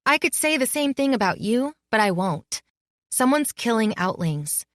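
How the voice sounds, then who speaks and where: A young female student, played by a woman narrator, earnest and indignant, pushing back despite her fear. The voice rises brighter than the narration, recorded dry and close. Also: a little high, sing-song, moderate pace, no echo, pitched above the performer's own voice. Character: young woman student, defiant but scared.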